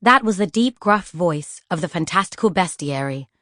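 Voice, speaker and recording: A woman narrating a children's fantasy audiobook in an expressive storytelling style. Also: on the low side, moderate pace, no echo, studio quality. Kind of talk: scripted children's book narration.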